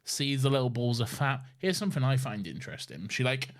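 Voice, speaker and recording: A man's voice: mid-range voice, sing-song, brisk. A man co-hosting a podcast, chatting casually, laid-back, swearing often and laughing a lot. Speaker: podcast co-host. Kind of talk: casual chat.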